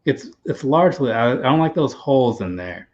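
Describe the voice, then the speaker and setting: An easygoing man hosting a casual livestream, talking in loose, hesitant bits. His voice sits at a middle pitch. The audio is dull and lo-fi. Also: lively intonation, brisk, darkish tone. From United States. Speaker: livestream host. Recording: dull lo-fi sound.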